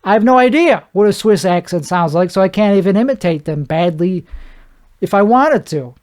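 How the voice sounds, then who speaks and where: A man's voice: high voice, expressive, normal speed, darkish tone. A man hosting a solo podcast, riffing comedically in a rambling way, with stammered restarts and mouth sound effects. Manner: frequent restarts and stammered repeats. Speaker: podcast host.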